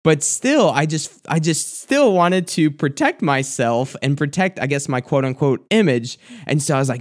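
A young youth pastor shares a candid story about his own mistake as a sermon testimony, sprinkled with casual fillers. His voice is mid-range and expressive, at a moderate pace.

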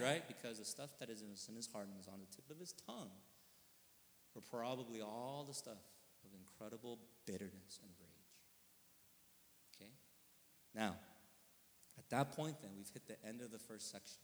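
A male pastor preaching a conversational sermon, earnest and probing, often checking in with listeners, moving from quiet reflection to sudden emphatic bursts. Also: medium pitch, fairly quick. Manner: earnest, often asking listeners with tag questions. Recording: long reverb of a large hall.

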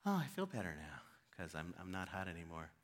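A man preaching voices a reluctant, sulky male prophet in a low, muttering tone while retelling a Bible story. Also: wildly swooping pitch, fairly quick, long reverb tail. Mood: relieved. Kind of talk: sermon storytelling.

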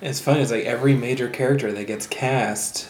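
A man's voice: medium pitch, fairly even intonation, fairly quick, slight background noise. A man co-hosting a casual podcast, making points in a matter-of-fact way. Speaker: podcast co-host. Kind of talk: casual chat. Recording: roomy echo, faint ambience.

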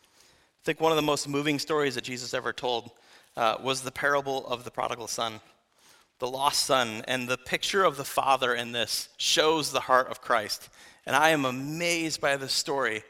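A young man preaching a sermon in a casual, animated way, often saying "like" between thoughts. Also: medium pitch, normal speed.

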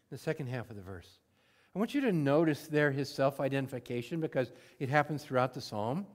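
A man's voice: medium pitch, animated, normal speed. Conversational man preaching a sermon. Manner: conversational, swings from loud emphatic to soft and hushed; acts out prayers in everyday words. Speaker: pastor.

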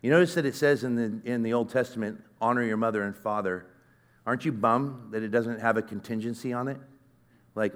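A middle-aged man giving a sermon, telling a personal story in a conversational, earnest way that swings from loud to hushed. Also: medium pitch, brisk. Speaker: conference speaker.

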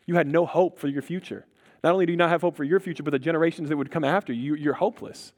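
A pastor delivers his sermon with earnest conviction, his voice a little higher than most men's. He sinks quietly on the words he wants to land and playfully nudges the congregation when they miss an easy answer. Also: rapid-fire.

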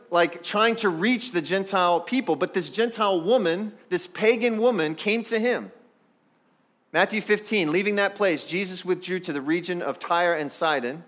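A man's voice: high voice, fairly bright tone. A man preaching a sermon as pastor, talking straight to the congregation in a conversational way. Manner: acts out the people in the story.

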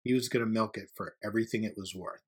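Husky-voiced man narrating a story. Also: on the low side, quick pace. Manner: steady, even-paced storytelling delivery. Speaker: audiobook narrator.

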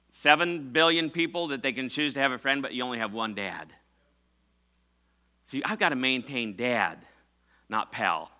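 A middle-aged male pastor delivers a sermon in a medium-pitched, sharp voice. He talks conversationally, using fillers and correcting himself, and calls on the congregation to respond.

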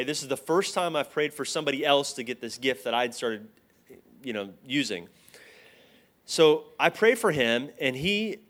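A man giving a casual storytelling sermon to a live group, acting out the voices in his anecdotes. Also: mid-range voice. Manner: animated, acts out both sides of dialogue. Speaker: speaker at a church teaching.

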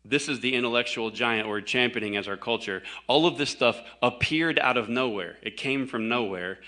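A man's voice: mid-range voice, normal speed, sharp tone. A man, a pastor, preaching a sermon in a conversational, emphatic way.

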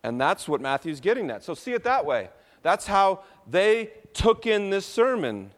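Preaching to his congregation, a male pastor draws them into call-and-response and alternates soft, low stretches with loud outbursts. His pitch swings widely, and he takes his time.

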